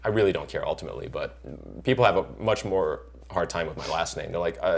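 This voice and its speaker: A middle-aged actor in casual chat, telling lively stories and acting out the people he quotes. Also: low voice, quick pace, vocal fry, few pauses. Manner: animated storyteller acting out quoted voices. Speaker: actor guest.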